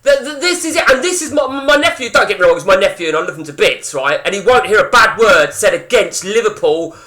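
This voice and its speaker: Male streamer, high and bright-toned; blunt, rambling, profane live-chat banter. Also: expressive, a little fast. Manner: rambling, blunt and heavily sweary. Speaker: game streamer chatting with viewers. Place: indoors at home.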